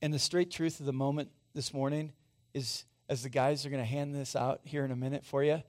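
A man's voice: mid-range voice, fairly even intonation, brisk, darkish tone. A man in his forties preaching a sermon as pastor, conversational and often asking the congregation questions. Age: 40s. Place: church sanctuary.

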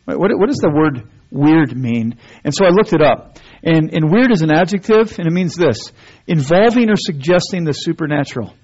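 A preacher giving a sermon in a church, his voice sitting a bit high with a husky edge. He talks conversationally, stumbling over restarts, then presses into emphatic runs. The recording sounds dull and lo-fi. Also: lively intonation, moderate pace, a little mellow. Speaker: pastor. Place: church sanctuary.

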